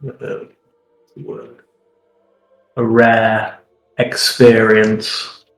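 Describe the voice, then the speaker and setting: Slow, low-voiced male player. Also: monotone, vocal fry, echoey room, faint music behind, rough recording. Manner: slow, hesitant. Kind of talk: playing a tabletop game.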